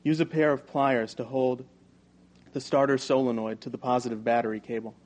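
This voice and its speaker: Man reading a novel, even and measured. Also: mid-range voice. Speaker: audiobook narrator. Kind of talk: first-person novel reading.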